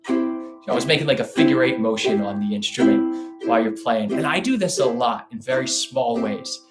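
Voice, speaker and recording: A man teaching a live online ukulele lesson in a relaxed, chatty way, scatting rhythms aloud as he demonstrates. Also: mid-range voice, moderate pace, roomy sound, loud music behind the voice. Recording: ukulele playing loudly behind the voice. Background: ukulele playing.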